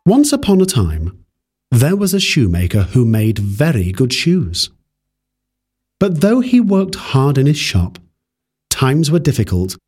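A man reading a fairy tale aloud in a measured, even storybook manner. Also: medium pitch, slightly rough. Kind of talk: scripted fairy-tale narration.

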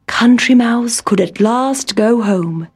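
A woman narrating a children's story in a gentle, unhurried way. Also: fairly high pitch, breathy edge. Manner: slow, gentle storybook reading. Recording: music playing behind the voice.

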